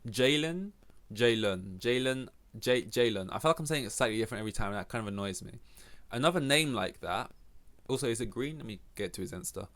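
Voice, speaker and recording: A man's voice: lowish voice, lively intonation, very fast, fairly bright tone. A young man with an English accent, hosting a solo podcast and rambling through a casual, profane, self-mocking rant. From England. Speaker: podcast host.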